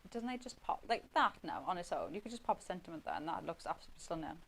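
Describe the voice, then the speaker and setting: A woman's voice: lowish voice, sing-song, quick pace, a bit bright, slight background noise, poor audio. A woman giving a chatty running commentary while demonstrating a craft on live TV.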